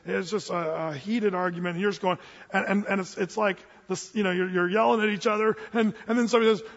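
A male pastor with a high, husky voice delivers a folksy, humorous sermon full of restarts and asides. The sound is dull and washed in long hall reverb, as if from a church sanctuary. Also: steady tone, fast. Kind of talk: conversational sermon.

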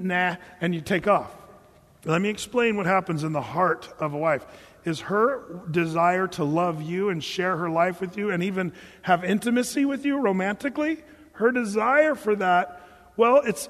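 Animated preacher with a high voice. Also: male voice, big-room sound. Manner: animated, emphatic, frequent restarts and repeated words. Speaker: pastor and marriage counselor. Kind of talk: sermon.

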